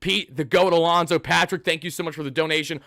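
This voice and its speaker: A young man hosting an excited postgame livestream, worked up and sweaty, loudly thanking donors. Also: fairly high pitch, fast, no room sound, studio quality. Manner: hyped, loud, shouting and thanking donors. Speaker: host of a fan live stream.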